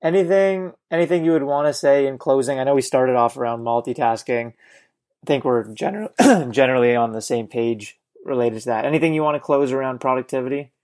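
A man hosting a podcast who asks thoughtful questions, pausing often to gather his words. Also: mid-range voice, darkish tone. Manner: thoughtful, hesitant with fillers. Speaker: podcast host. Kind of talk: interview questions.

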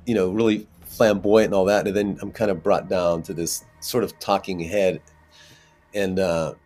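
Guy actor chatting in an interview, kinda low voice, keeps restarting and rambling, gets animated. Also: normal speed, faint music behind. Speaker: actor guest. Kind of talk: casual interview talk.

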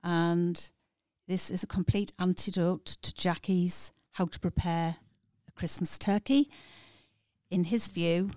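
A woman, a community volunteer, reading a humorous poem aloud with chatty asides and lively emphasis. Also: on the low side, slow, no echo, clean studio sound. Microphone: studio microphone.

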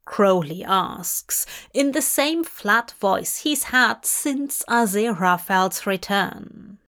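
A woman reading fanfiction aloud as an audiobook, in measured, gently expressive storytelling. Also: mid-range voice. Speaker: fanfiction reader.

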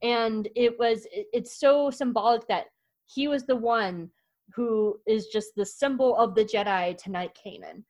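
A woman's voice: fairly high pitch, measured pace, darkish tone, rough recording. Gushing, rambling woman podcast host. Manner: gushing, rambling with many restarts. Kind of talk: casual podcast chat.

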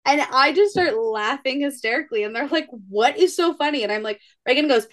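A woman's voice: sits high, brisk, hardly any pauses. Thirties woman co-hosting a podcast, chatty, does little kid voices in her stories. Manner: animated storyteller, acts out her kids' voices. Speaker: podcast co-host. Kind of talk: casual chat.

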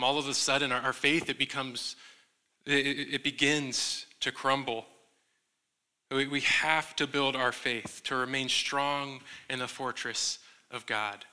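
A man's voice: fairly high pitch, sharp tone, clean tone. A man giving a sermon as youth pastor, earnest and often repeating words as he restarts.

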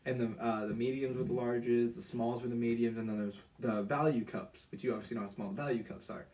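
A man's voice: mid-range voice, fairly even intonation, quick pace, darkish tone. A young man co-hosting a podcast who keeps correcting and explaining details in casual chat. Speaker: podcast co-host. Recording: somewhat far from the mic.

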